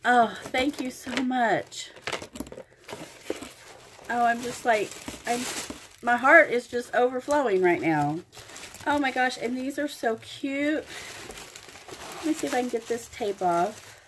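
A woman's voice: fairly high pitch, slow pace, long pauses, a bit bright, a little hiss or hum. A middle-aged woman from Oklahoma gushing over craft supplies in an unboxing vlog, exclaiming often. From Oklahoma, USA. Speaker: crafting vlogger. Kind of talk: happy mail unboxing vlog.

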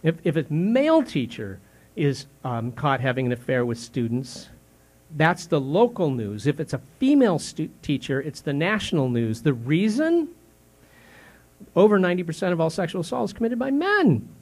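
Conversational older pastor preaching. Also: male voice, on the high side, very animated. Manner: conversational, questioning, with many restarts and fillers; drops soft and slow on grave words, rises sharply when indignant. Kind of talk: sermon.

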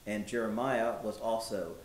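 A calm, respectful man of the 1790s, as a reenactor plays him reads off names and dates with steady pauses and frequent ums. His voice is on the low side. The recording is roomy, with a faint rumble underneath. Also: natural voice. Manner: measured, listing facts with many ums. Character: man giving news of freed neighbors, respectful and steady. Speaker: historical reenactor. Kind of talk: historical reenactment dialogue.

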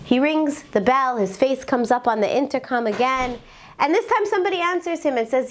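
A woman giving a religious talk, telling a story in an animated, dramatic way and dropping in Hebrew terms. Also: sits high, fast.

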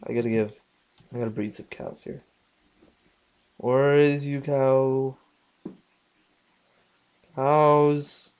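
A young man casually commenting on his game, muttering to himself and swearing loudly when things go wrong. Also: medium pitch, fairly even intonation, smooth. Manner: slow, muttering, swears often, bursts out loud at the game. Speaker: gaming channel host. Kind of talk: casual let's play commentary.

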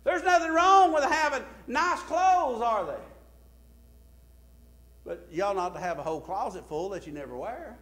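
A male pastor preaching a sermon, swinging from emphatic bursts to quiet, low drops.

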